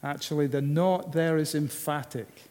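A man preaching a sermon, measured and unhurried, often asking the listeners rhetorical questions. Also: on the high side, darkish tone. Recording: long hall reverb.

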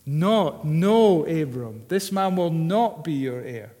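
A man preaching a sermon, measured and unhurried, often asking the listeners rhetorical questions. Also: fairly high pitch, expressive, dark tone. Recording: long hall reverb.

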